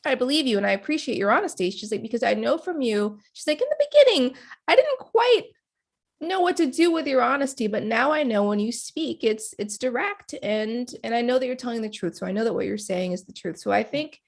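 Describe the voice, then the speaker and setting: A woman's voice: on the high side, expressive, brisk. A woman guest on a podcast, animatedly retelling reality show scenes and acting out the quotes, often laughing. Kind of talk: casual chat recap.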